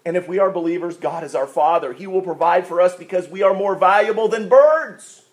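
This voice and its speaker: A male pastor preaching a sermon, asking rhetorical questions and swinging between loud, stressed lines and quiet asides. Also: high voice, brisk.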